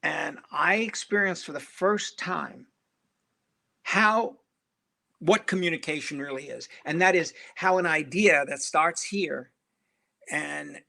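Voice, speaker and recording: An older man recounting stories from his career in a bright, forceful voice that sits a little high for a man. He throws himself into each anecdote, acting out everyone he quotes. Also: takes it slowly, gravelly. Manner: animated storyteller who acts out quoted voices. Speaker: film director, interview guest. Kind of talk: anecdotal interview storytelling.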